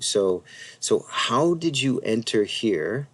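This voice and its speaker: A man teaching a casual Bible Greek lesson from his slides, thinking aloud with many fillers and restarts, and reading Greek words slowly and carefully. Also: on the low side, animated. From United States.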